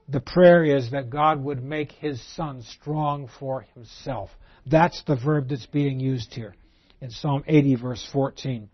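A man giving an expository Bible lecture, reading verses aloud and explaining them, moving between emphatic lines and very quiet ones. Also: a little high. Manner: swings from emphatic to very soft and quiet. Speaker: Bible teacher. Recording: dull lo-fi recording.

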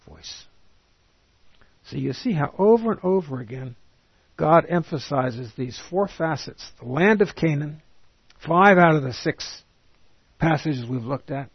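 A man giving a Bible teaching sermon, reading scripture slowly and emphatically and then explaining it in plain words. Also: medium pitch, creaky, husky, dry recording, lo-fi sound. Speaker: preacher.

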